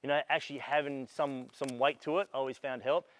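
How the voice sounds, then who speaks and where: A man's voice: medium pitch, steady tone, brisk, no room sound. A man running a basketball coaching clinic, instructing players on court and raising his voice to make a point. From Australia. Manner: raises voice for emphasis and calls.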